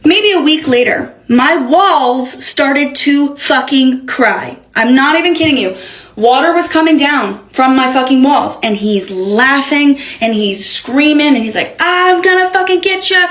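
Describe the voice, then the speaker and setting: A young woman telling a wild storytime in a casual, animated, profane way. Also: high voice, measured pace. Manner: animated, profane, dramatic retelling. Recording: echoey room.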